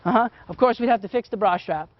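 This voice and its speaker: Chatty man, light high voice. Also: quick pace. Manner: chatty, keeps asking "okay?". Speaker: photography teacher. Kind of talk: hands-on teaching demo. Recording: dull, muffled sound.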